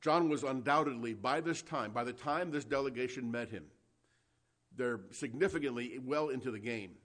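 A man's voice: medium pitch, normal speed, fairly bright tone. A male pastor preaching a Bible sermon in a conversational, emphatic way, reading verses aloud between his comments.

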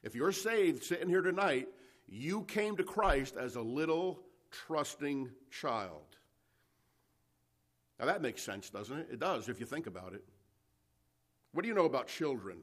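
A man's voice: a little high, lively intonation, a little slow, long pauses. A man preaching an expository sermon to a congregation, emphatic and full of rhetorical questions. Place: church service before a congregation.

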